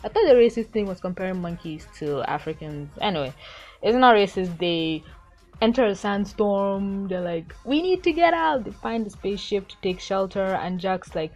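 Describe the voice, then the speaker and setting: Excitable young woman gushing in a review. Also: medium pitch, moderate pace, faint music behind. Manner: excitable, gushing, acts out quotes. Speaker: episode reviewer. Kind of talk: casual cartoon episode review.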